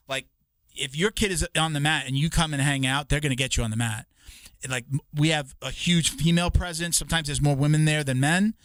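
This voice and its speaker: A man's voice: fairly high pitch, a bit bright, smooth, no room sound. A man co-hosting a podcast, talking casually and rambling, swearing and restarting his sentences often. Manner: rambling, profane, with many restarts.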